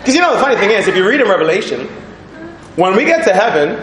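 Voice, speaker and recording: Animated preacher man, high lively voice. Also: quick pace, noisy background. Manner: animated, sings snatches, laughs, asks the crowd questions. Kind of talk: lively sermon. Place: church hall. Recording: echoey church with congregation responding.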